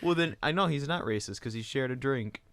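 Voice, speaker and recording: A man's voice: medium pitch, lively intonation, a little fast, fairly bright tone, no echo. A man co-hosting a casual movie chat, dropping dry joking asides. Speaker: podcast co-host.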